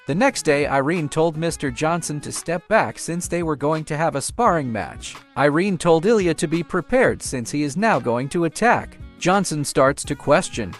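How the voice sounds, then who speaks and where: A man narrating a comic story recap in an animated storytelling way. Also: on the high side, moderate pace, few pauses, soft background music.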